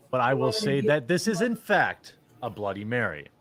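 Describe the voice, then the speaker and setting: A man's voice: medium pitch, big pitch swings, normal speed, crowd noise. A man giving casual commentary as a streamer, blunt and opinionated in a mock-serious way.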